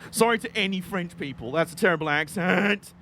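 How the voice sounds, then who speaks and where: Playing a racing game on stream, a young man keeps up jokey, rambling commentary and chatty banter. He sounds high-pitched, bright, and forceful, talking fairly quickly over a little hiss or hum.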